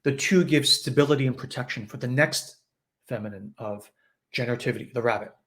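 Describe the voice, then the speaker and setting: A man's voice: mid-range voice, a little fast, fairly bright tone. Chatty male spiritual teacher. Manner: conversational, acts out quoted voices, many "like"s. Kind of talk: reflective talk in a live online session.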